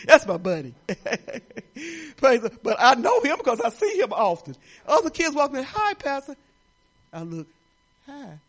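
An older woman pastor from Detroit giving a folksy, animated sermon, talking straight to the congregation with laughing asides. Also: high voice, a little slow, pauses often, slightly rough. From Detroit, Michigan.

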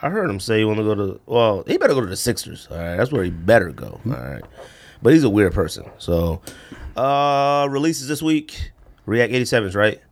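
A man co-hosting a podcast in casual chat, telling a story animatedly, acting out quotes and saying bruh and man a lot. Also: moderate pace. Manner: animated storyteller, acts out quotes with big pitch jumps. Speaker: podcast co-host.

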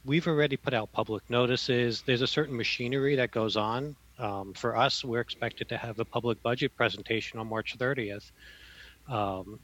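Library guy explaining slow with lots of um, muffled sound. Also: medium pitch, fairly even intonation, a bit bright. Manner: halting, many fillers. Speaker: library official. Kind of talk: casual chat. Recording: dull muffled audio.

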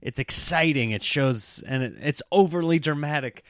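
A stand-up comedian in his thirties tells animated, self-mocking stories in a casual monologue, laughing at himself. His fairly high voice moves at a normal speed in a dry, studio-quality recording.

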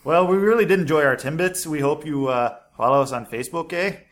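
A man's voice: a little high, animated, quick pace. A man co-hosting a casual science podcast, joking loosely and trailing off mid-sentence. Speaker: podcast co-host. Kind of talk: casual chat.

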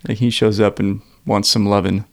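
A man's voice: fairly low pitch, level tone, moderate pace, no room sound, clean studio sound. A man co-hosting a podcast, laid-back and chiming in with casual, profane asides about a movie. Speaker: podcast co-host. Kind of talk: casual movie-recap chat.

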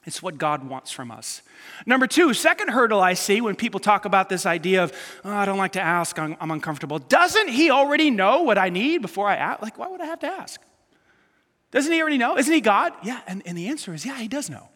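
A male pastor preaching an animated, emphatic sermon to a congregation, acting out the people he quotes. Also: sits high, fairly quick, in a large hall. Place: church auditorium with a live congregation.

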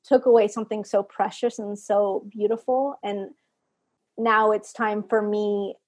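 A woman's voice: mid-range voice, gravelly, darkish tone, breathy edge. A woman from Texas, a podcast guest, speaking earnestly and reflectively about her life and work, sometimes laughing at herself. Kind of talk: heartfelt interview talk.

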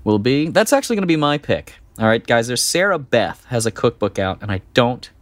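Co-hosting a casual podcast chat, a middle-aged man rambles a bit, restarts his thoughts, and laughs quickly and easily. His medium-pitched voice swings widely in pitch, and the recording has no room sound.

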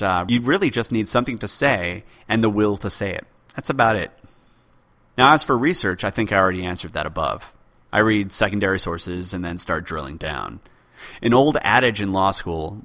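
A man's voice: low-pitched, fairly bright tone. A man hosting a podcast, answering listener questions in a casual, wry manner on a close home-studio mic. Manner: dry, wry humor. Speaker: podcast host. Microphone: close USB mic with pop filter.

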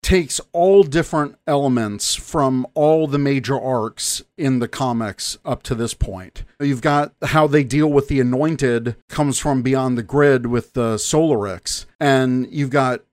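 Relaxed man interviewing, dry sound. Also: medium pitch, measured pace, hardly any pauses, no room sound. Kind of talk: casual interview chat.

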